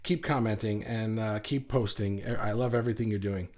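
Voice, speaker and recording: A man's voice: on the low side, fairly even intonation, brisk, darkish tone. A man hosting an online art group livestream, chatting casually and encouragingly as he reads viewer comments, often restarting his sentences. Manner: encouraging, talks in loose restarts and repeated words.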